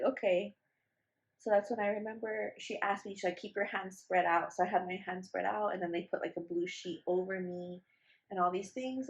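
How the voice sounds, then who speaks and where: A woman's voice: mid-range voice, darkish tone, lo-fi sound. A young woman vlogger telling a personal story in a casual, chatty way, with many fillers and restarts. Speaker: vlogger, new mother.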